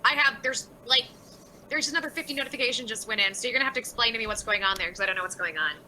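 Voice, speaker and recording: A woman's voice: fairly high pitch, racing, sharp tone, a little hiss or hum, poor audio. A woman livestreaming and reading out chat messages, talking bluntly with lots of swearing and exasperation.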